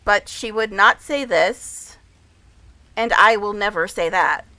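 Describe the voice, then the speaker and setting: A woman's voice: medium pitch, slow pace, pushed and bright, no echo. A woman streamer giving casual gameplay commentary, gushing and dramatic, laughing often. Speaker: game streamer.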